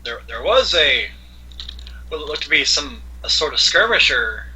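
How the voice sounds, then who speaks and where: Guy doing a cheeky adventurer, stumbles over words, bright voice. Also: a little high, very animated, a little slow, breathy edge, heavily acted, low-quality recording. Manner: stammering, cheeky. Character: cheeky male adventurer, hesitant talker.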